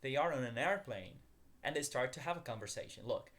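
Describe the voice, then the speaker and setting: A man's voice: medium pitch, expressive, brisk, a bit bright. A man teaching a beginners' language lesson, upbeat, calling his viewers guys and asking them to repeat after him.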